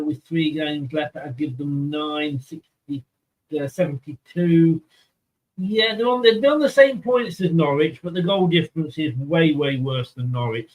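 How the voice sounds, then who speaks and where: A man's voice: a little high, poor audio. A man with an Australian accent hosting a casual fan chat, rambling and easygoing. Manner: rambling, easygoing, many fillers. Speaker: host.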